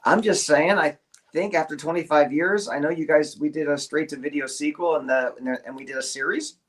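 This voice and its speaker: Animated male voice actor telling a story. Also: fairly high pitch, a little fast. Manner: animated storyteller, stammering restarts, acts out quotes. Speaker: voice actor guest. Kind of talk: casual anecdote on a group video call. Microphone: video call.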